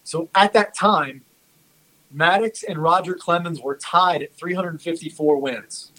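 A man in a casual sports chat, recounting anecdotes in a halting way with many fillers. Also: a little high, bright, forceful tone, poor audio.

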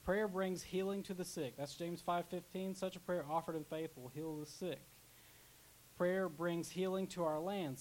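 A man's voice: on the high side, darkish tone, low-quality recording. A young man preaching a casual sermon as pastor, chatty, with asides and restarts. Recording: faint hiss.

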